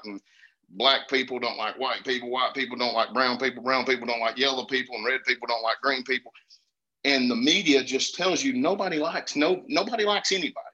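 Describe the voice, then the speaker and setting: A man from Georgia with a Southern accent, telling hunting stories in an earnest, animated way in casual conversation. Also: mid-range voice. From Georgia, USA. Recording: dull lo-fi sound.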